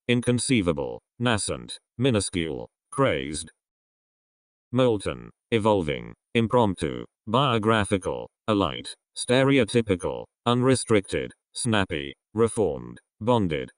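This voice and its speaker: A man's voice: deep voice, no room sound, studio quality. A man reading out an English vocabulary list word by word, each word spoken on its own with a falling list tone. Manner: reads isolated words with falling list intonation. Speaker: vocabulary reader.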